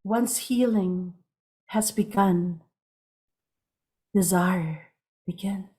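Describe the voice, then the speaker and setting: A woman performing spoken word poetry with a slow, rhythmic delivery that breaks now and then into song. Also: mid-range voice, fairly even intonation, mellow, husky.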